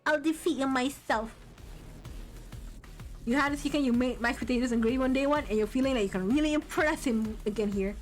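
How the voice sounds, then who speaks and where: A woman VTuber streaming a game, reading its text aloud and bursting into loud outcries and laughter. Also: sits high, fast talker, few pauses, faint music behind.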